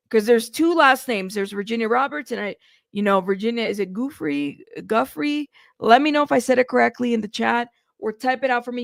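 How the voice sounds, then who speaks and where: Her voice is slightly high, gravelly, and a bit bright, captured in a dry, studio-quality recording. She hosts a news livestream casually, addressing her viewers directly and laughing at her own expense.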